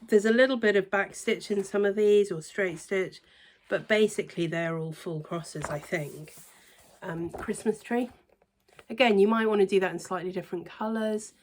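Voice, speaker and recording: A woman reviewing cross stitch books in a casual, hesitant way, trailing into quiet near-whispered asides. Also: on the low side. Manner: chatty, hesitant with many ums, softens to near-whisper asides. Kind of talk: casual show-and-tell review.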